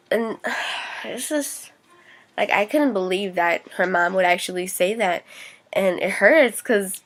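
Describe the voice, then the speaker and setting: A woman's voice: mid-range voice, measured pace. A young woman vlogging, venting frankly and indignantly about a hurtful situation, swearing freely. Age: young adult. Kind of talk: casual venting vlog.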